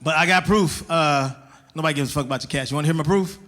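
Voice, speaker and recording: A male stand-up comedian on stage, talking animatedly, punching up his lines loudly and laughing at his own jokes. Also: a little high, fast talker.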